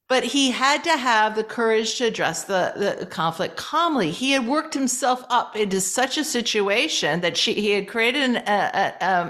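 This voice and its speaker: A woman, a leadership coach, telling a workplace story in a radio interview and acting out the dialogue. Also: on the high side. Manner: animated, acts out quoted dialogue.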